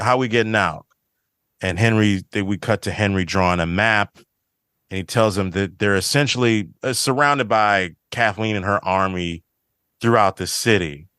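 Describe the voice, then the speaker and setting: Male podcast host, very deep and smooth, relaxed scene-by-scene retelling. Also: dry recording, clean studio sound. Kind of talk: casual chat recapping a TV episode.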